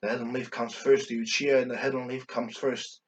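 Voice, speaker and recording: A man voicing a solemn, dutiful young male ninja, speaking quietly and low-key. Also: a little fast, recorded from a distance, lightly acted.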